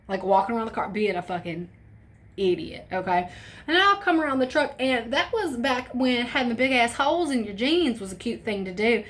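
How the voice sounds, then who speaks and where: A young woman telling a story in a casual vlog, animated and profane, acting out quotes with shifts in voice. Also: fairly high pitch, fairly quick. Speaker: storytime vlogger.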